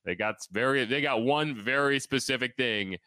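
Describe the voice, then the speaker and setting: A man co-hosting a casual sports podcast, talking fast and joking with a sarcastic streak. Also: medium pitch, sharp tone, no echo. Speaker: podcast co-host.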